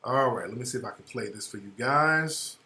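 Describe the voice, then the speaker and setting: A man's voice: mid-range voice, brisk, sharp tone, reverberant. A man hosting a talk radio show, giving blunt, profane commentary and repeating phrases for emphasis.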